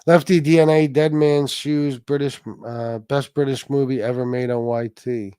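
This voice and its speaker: Reading out donations and swearing casually with his viewers, a livestream host keeps starting his sentences over. His medium-pitched voice is mellow, clear and resonant, with fairly even intonation at a moderate pace. Audio is studio quality, free of room sound.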